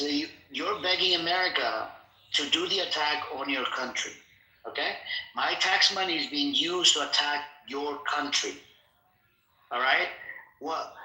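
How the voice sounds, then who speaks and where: A man's voice: fairly high pitch, bright, forceful tone. A man hosting a live audio room, aggressive and swearing, taunting an opponent. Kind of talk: heated argument. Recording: roomy echo.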